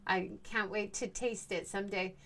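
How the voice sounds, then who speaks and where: A woman's voice: medium pitch, steady tone, moderate pace, bright, forceful tone. A woman interviewer asking casual questions and offering encouraging praise.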